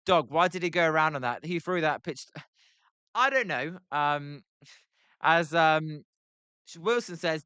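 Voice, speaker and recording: A British man with a bright, sharp voice that sits a touch high for a man, chatting casually on a live stream. He reads chat messages aloud and fills gaps with ums, and his tone stays clean and crisp. The sound is close and dry, with no room around it. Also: no room sound. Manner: filler-heavy, reads chat messages aloud between play calls. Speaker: livestream host.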